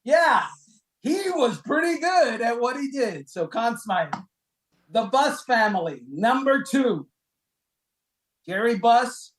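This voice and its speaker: A man co-hosting a casual sports talk show, counting down a list with lively, emphatic delivery and rhetorical questions. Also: slow pace, pauses often, poor audio. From Cuban heritage, raised in South Florida. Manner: animated, rhetorical questions, emphatic pitch jumps.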